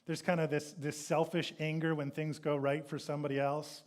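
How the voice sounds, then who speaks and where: Man preaching a sermon, fairly high voice. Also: level tone, normal speed. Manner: reads scripture then retells it, acting out the sons' complaints in a raised voice. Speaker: pastor.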